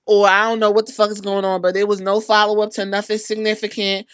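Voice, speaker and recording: A woman hosting a podcast, recapping wrestling in a casual, animated and profane way. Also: mid-range voice, fast talker, clear, resonant tone, no room sound, clean studio sound. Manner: animated, profane, acts out quotes. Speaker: podcast host.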